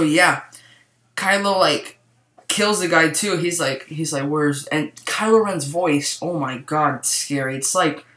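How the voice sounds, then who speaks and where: Young guy gushing about a movie, lots of likes and ums, bit high, echoey room. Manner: excitable, rambling, lots of fillers. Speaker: movie reviewer. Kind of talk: casual spoiler review.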